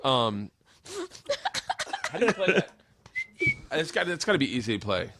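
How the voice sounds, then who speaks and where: A man's voice: mid-range voice, moderate pace, very noisy. A man hosting a podcast, telling rambling stories in a casual chat, swearing freely and laughing as he talks. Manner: animated, profane, laughs while telling stories. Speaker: podcast host.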